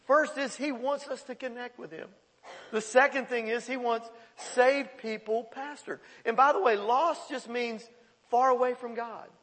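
A man preaching a sermon as pastor, telling a personal story in a conversational, animated way. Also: very high voice, a little slow. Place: church sanctuary. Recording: long hall reverb.

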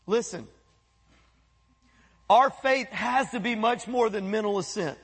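A man preaching a sermon as pastor, animated, breaking into quoted voices and asides. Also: sits high, measured pace, slightly rough, big-room sound. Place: church sanctuary.

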